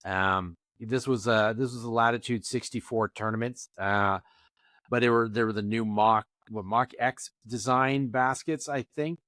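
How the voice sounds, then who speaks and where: A man's voice: mid-range voice, moderate pace, no echo. Chatty rambling man, dry close mic. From Canada. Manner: rambling, animated, lots of restarts. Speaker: podcast co-host. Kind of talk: casual chat.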